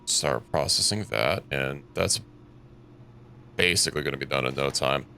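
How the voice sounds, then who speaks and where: A man's voice: rumbling low, moderate pace, vocal fry, bright, forceful tone, a little hiss or hum. A young man streaming a game, thinking aloud in a rambling, casual way and correcting himself as he goes. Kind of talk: casual gameplay commentary.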